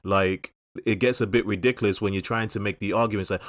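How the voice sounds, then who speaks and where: A man's voice: on the low side, fairly even intonation, fast, a bit bright, no echo, studio quality. A man co-hosting a podcast in casual chat, opinionated and wry, steering the talk to the next topic. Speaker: podcast co-host.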